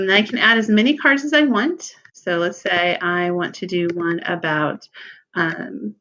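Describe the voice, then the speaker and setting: A woman giving a relaxed screen-recorded software tutorial, thinking aloud with fillers and small self-corrections. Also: fairly low pitch, muffled recording.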